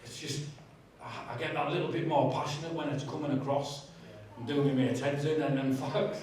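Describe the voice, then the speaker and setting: A man sharing his testimony in a church, with animated, self-mocking storytelling and asides to the audience. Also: on the high side, a little fast. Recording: echoey church hall, distant mic.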